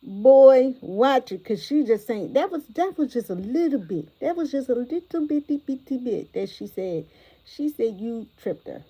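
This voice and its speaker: A woman hosting a livestream reaction commentary, animated and exclamatory, talking straight to her viewers from a phone or tablet. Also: fairly high pitch, moderate pace, husky, poor audio. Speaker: commentary host.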